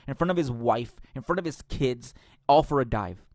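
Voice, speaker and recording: A man's voice: medium pitch, expressive, moderate pace, darkish tone, dry recording, clean studio sound. A man hosting a podcast, ranting casually and profanely with strong opinions. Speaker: podcast host.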